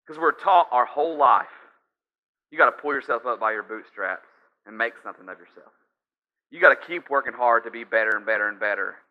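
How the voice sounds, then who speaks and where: This man's medium-pitched voice moves quickly with lively intonation as he preaches a storytelling-style sermon, a pastor frequently addressing listeners directly. Sound quality is slightly dull and lo-fi.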